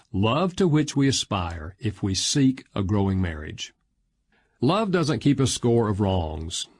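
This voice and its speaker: A man narrating an audiobook in a measured, expressive reading style. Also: lowish voice, husky.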